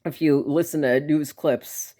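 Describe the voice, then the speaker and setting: A woman's voice: low voice, steady tone, a little slow, warm tone. Chatty woman with a Milwaukee accent. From Milwaukee, Wisconsin. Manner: chatty and enthusiastic, with laughs and fillers. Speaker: vlogger. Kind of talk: casual chat to camera.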